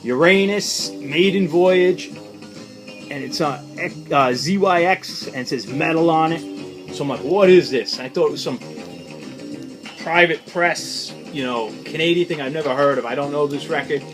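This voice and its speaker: A record-collecting man chats loosely about his vinyl haul, rambling and opinionated. His voice sits a little high for a man. Faint music plays under his talk. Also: measured pace. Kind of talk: casual unscripted record haul chat.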